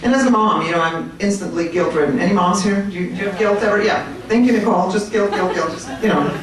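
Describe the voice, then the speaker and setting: A woman giving an animated, chatty talk to a room of people, joking with her audience. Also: medium pitch, quick pace. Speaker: speaker at a political meetup. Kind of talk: lively speech to a crowd. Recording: echoey room, mic at a distance.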